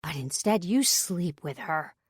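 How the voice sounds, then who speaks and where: A woman voicing a furious, protective older brother in an audiobook, speaking low and slow through clenched anger. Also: animated, breathy edge, dry recording, clean studio sound. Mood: angry.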